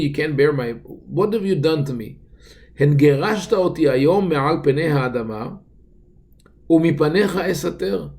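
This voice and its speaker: A man teaching a relaxed Torah lesson as a rabbi, talking conversationally with many fillers and restarts, reciting Hebrew verses and adding dry joking asides. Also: a little high. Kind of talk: casual Torah class.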